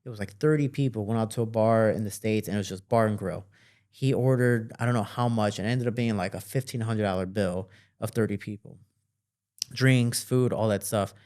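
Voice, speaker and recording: A young man, a fighter and podcast guest, telling a story in a casual, animated way and acting out the voices in his quotes. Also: fairly low pitch, fairly quick.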